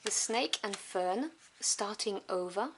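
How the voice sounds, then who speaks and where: A woman whose first language is French, reviewing tarot cards one by one. She lists each card softly and without hurry, adding fond little asides. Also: medium pitch, animated, background noise. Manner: soft, unhurried listing with fond asides.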